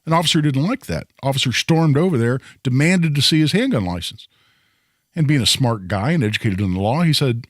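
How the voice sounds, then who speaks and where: A man's voice: mid-range voice, expressive, brisk, fairly bright tone, no echo, clean studio sound. A man hosting a call-in radio show about gun law, explaining points in a conversational way and often restarting phrases. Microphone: studio microphone.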